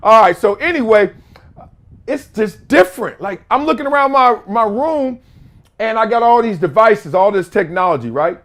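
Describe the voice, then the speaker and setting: A man in his fifties hosting his own show from a room at home, telling stories in a casual, slangy way that bursts into shouts and laughter. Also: high-pitched, expressive, moderate pace. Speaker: show host. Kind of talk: casual storytelling monologue.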